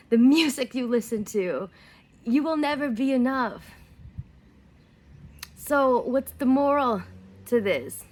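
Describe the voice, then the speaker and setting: A woman's voice: mid-range voice, slight background noise. A woman in her thirties with a Southern US accent, delivering a heated, profane rant to camera with emphatic repetition. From Southern United States. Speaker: vlogger. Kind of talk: angry monologue to camera.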